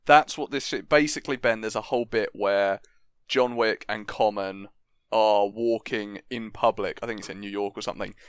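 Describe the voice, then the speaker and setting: A man's voice: lowish voice, steady tone, normal speed, hardly any pauses, clean tone. A man co-hosting a podcast, chatting casually and jumping in with comments. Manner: chatty, interjecting. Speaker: podcast co-host. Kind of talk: casual chat.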